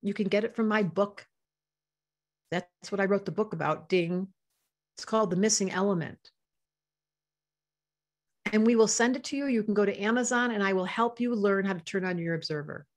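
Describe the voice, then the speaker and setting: A woman's voice: medium pitch, moderate pace, pauses often. An older woman teaching astrology to a live online audience, passionate and emotional, reading out chat comments as she talks.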